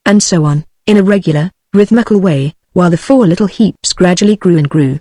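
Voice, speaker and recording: A text-to-speech woman's voice with a British accent, reading a storybook aloud in an even, measured way. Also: fairly low pitch, no room sound. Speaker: audiobook narrator. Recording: dry synthetic voice.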